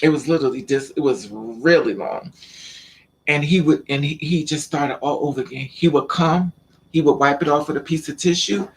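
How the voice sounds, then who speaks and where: A vlogger tells the camera a personal story in a loose, casual video, his voice a little high and slightly raised at a moderate pace. He's animated, stumbles into repeats, and acts out other people's lines, with slight background noise.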